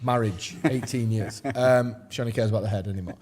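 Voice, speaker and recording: A man's voice: fairly low pitch, fast, a little mellow, slight background noise. A man, hosting a podcast in a jokey, rambling way with frequent laughter and reading ads casually. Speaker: podcast host. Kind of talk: casual football chat and ad read.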